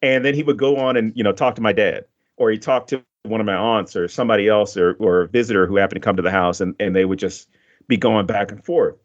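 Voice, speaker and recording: A man's voice: on the low side, fairly even intonation, quick pace. A man from Louisiana chatting casually as a podcast guest, rambling and swearing easily, with frequent restarts. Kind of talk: casual chat. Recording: dull lo-fi podcast audio.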